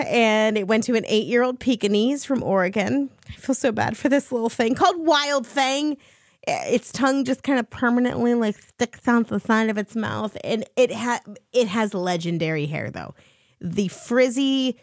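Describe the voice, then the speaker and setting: A woman's voice: a little high, no echo, studio quality. A woman DJ on a country station, chatting casually and amused between songs. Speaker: radio DJ. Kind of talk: casual radio chat.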